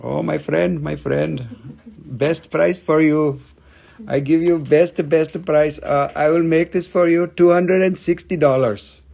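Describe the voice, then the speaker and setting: A man's voice: a little high, slow pace, gravelly, darkish tone, pitched above the performer's own voice, exaggerated voice. A man putting on a haggling Indian-accented gem seller. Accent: Indian, put on. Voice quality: singsong, playful bargaining.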